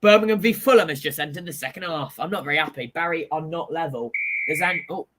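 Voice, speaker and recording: Male football show host, bright forceful voice, casual, excitable score updates. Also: on the high side, a little fast. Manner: excitable, swears, reads out scores. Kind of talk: casual live football commentary.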